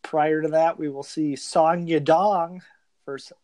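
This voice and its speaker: A man's voice: a little high, unhurried, no echo. A man co-hosting a casual podcast, reading out fight lineups with dry asides. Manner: reads lineups in a flat listing way, dry asides.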